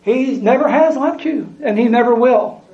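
A man's voice: very high-pitched, normal speed, a little mellow. A man preaching a sermon, reading scripture aloud and repeating lines for emphasis. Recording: echoey room, dull lo-fi sound.

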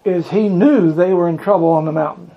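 Bible study leader, folksy teaching, chuckles often, gravelly, mellow, slightly muffled recording. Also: mid-range voice, a little fast. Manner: folksy, chuckling, acts out scripture voices.

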